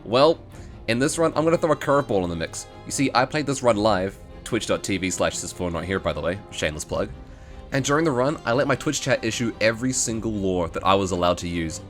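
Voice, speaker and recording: A man's voice: fairly low pitch, animated, quick pace, faint music behind. A man giving playful, joking commentary on a video game as a streamer. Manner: playful, joking, laughs often.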